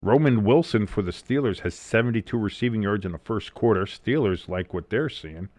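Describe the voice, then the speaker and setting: Animated and a little fast, his fairly low, slightly mellow voice comes through in a dry recording. He hosts a live football watch-along, giving play-by-play, reading the chat and talking casually with viewers with plenty of swearing.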